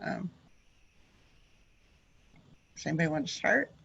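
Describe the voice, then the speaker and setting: A woman's voice: lowish voice, lively intonation, a little slow, gravelly, a bit bright, dull audio, slight background noise. A woman moderating a webinar panel over a video call, talking with frequent hesitations. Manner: hesitant, many ums.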